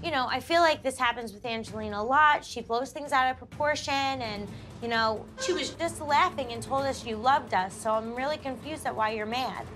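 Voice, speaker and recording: High-voiced woman, confused and hesitant. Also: normal speed, few pauses, fairly bright tone, faint music behind. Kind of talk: confessional interview.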